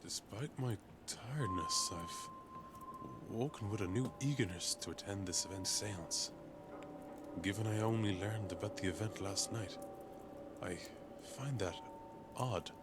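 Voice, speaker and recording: A man's voice: lowish voice, measured pace, lightly acted. An actor voicing a weary male investigator who speaks in a tired, reflective way. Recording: game audio under loud noise.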